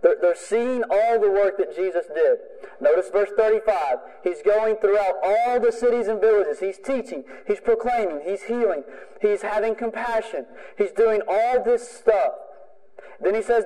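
A male pastor delivering a sermon with emphatic, repetitive phrasing. His voice sits a bit high but sounds mellow and dark. It rings out with a long hall reverb, as in a church sanctuary. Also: moderate pace. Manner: emphatic preaching with repeated phrases.

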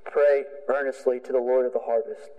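A man's voice: mid-range voice, fairly even intonation, brisk, mellow, long reverb tail, lo-fi sound. A man preaching a sermon as a pastor, emphatic, driving home points with repeated phrases.

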